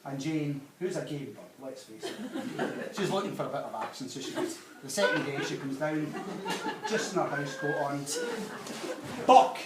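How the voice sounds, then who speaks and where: A man's voice: on the high side, expressive, normal speed, distant mic, over a noisy crowd. A middle-aged Scottish man giving a best man speech at a wedding, telling cheeky jokes, heard from afar in a reception hall with guests laughing. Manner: joke-telling, cheeky, sentimental at the close. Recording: echoey hall, from afar, loud noise.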